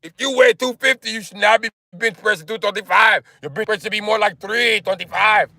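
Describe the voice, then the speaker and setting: A man's voice: sits high, gravelly, sharp tone, no room sound, pitched above the performer's own voice, full character voice. A man putting on a boastful bodybuilder-trainer impression, barking hyped-up workout advice into a phone. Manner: barking, hyped-up coaching with drawn-out instructions.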